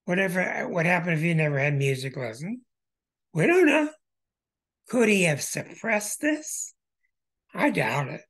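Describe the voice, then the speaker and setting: A man hosting an astrology show who walks through birth charts in an emphatic way, with bursts of excitement. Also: fairly high pitch, normal speed.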